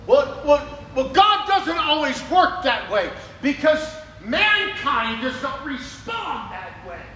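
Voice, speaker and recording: A man preaching a sermon, animated, acting out prayers in a raised voice. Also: very high voice, slow, a little hiss or hum. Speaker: pastor. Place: church sanctuary. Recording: echoey room heard from a distance.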